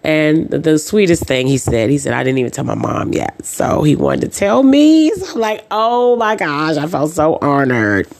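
A woman's voice: low-pitched, big pitch swings, moderate pace, gravelly, few pauses, darkish tone. A woman hosting her own podcast, telling personal stories in a casual, chatty way and acting out the back-and-forth of her conversations. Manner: chatty storyteller who acts out dialogue; says "um" and "uh" often. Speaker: podcast host. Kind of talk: casual chat.

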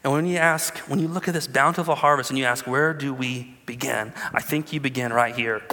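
A man in his thirties, a pastor preaching a sermon with animated storytelling and calls to the congregation. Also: mid-range voice, fast talker, big-room sound.

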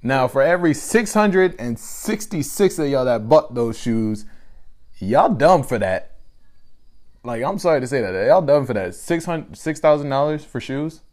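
A man co-hosting a podcast in casual banter, lively and quick to laugh. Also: mid-range voice. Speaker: podcast co-host.

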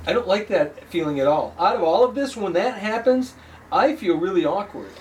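A woman's voice: mid-range voice, animated, moderate pace, darkish tone, recorded from a distance, a little hiss or hum. A woman co-hosting a casual business chat, talking in a candid, emphatic, self-deprecating way. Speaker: co-host.

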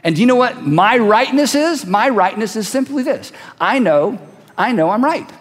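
A man's voice: high voice, lively intonation, moderate pace, in a large hall. A man preaching a sermon in a conversational, emphatic way, acting out quoted voices as he goes. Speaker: pastor.

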